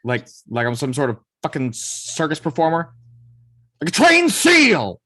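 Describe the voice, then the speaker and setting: A man reading the part of a washed-up male movie star in an amateur script table read, drifting between low mumbles and sudden shouts. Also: normal speed, no room sound, lightly acted.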